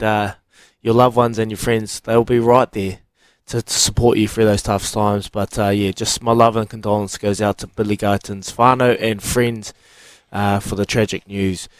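A man's voice: on the low side, smooth, no echo. A man with a New Zealand accent, co-hosting breakfast radio in an earnest, supportive way. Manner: earnest, supportive, brisk when reading out details. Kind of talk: casual radio chat.

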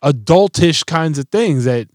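A man's voice: a little high, a little slow, dry recording. A middle-aged man telling a story in a casual chat, swearing freely and acting out quotes. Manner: profane, animated storytelling with voiced quotes. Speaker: podcast co-host.

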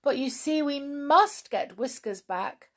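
A woman's voice: sits high, lively intonation, takes it slowly, voice pushed up. A woman voicing a small, anxious young brownie who pleads in a fretful way.

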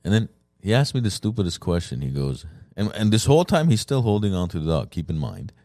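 A man telling a story in casual chat with friends, animated, with fillers and restarts. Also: sits low, fast, dry recording, clean studio sound. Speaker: podcast co-host telling a story.

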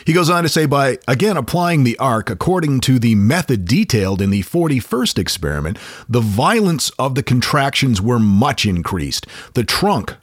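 Lively Maine-accented man telling stories. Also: normal speed, breathy edge, no echo, studio quality. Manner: lively storyteller, slips into high-pitched character voices. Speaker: podcast co-host. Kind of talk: casual chat.

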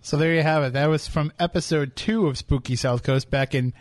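A man's voice: a little high, brisk, no echo. A man hosting a radio show from a studio, chatting casually with his co-host and laughing often. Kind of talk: casual on-air banter. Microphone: studio microphone.

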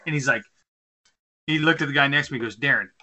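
His voice pitches fairly high, quick, bright, and forceful. In a casual beer-fueled podcast conversation, this co-host in his thirties tells sprawling, rambling stories, cluttered with fillers and repeated restarts.

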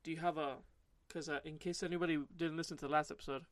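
A young man co-hosting a podcast in casual chat, animated and quick to tease his co-host. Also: on the high side, no room sound.

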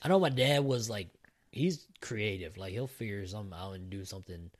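A man's voice: lowish voice, animated, brisk. Laid-back young man chatting casually. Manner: laid-back, swears casually, lots of fillers. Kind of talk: casual chat.

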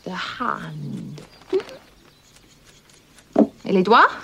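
An actress playing a young French princess who eagerly practises English words, speaking with a French accent in a period film. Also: female voice, lowish voice, very animated, extremely slow, vocal fry, bright, forceful tone, slight background noise, full character voice. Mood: playful, earnest.

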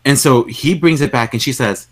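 A man's voice: mid-range voice, moderate pace. Playful man recapping a movie. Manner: playful, acts out characters in quotes, swears freely. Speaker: podcast co-host. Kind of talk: casual movie recap chat.

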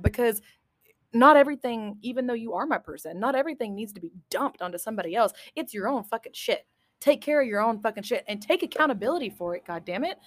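A woman's voice: on the high side, expressive, quick pace, no room sound. Woman hosting her podcast, blunt and cussy, dry close sound, no room. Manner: blunt and emphatic, swears freely. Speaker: podcast host. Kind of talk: casual chat.

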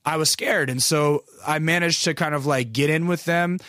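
A man's voice: a little high, steady tone, moderate pace, bright, forceful tone, no room sound, studio quality. A man telling a long story in casual, rambling speech, full of profanity and self-deprecating asides.

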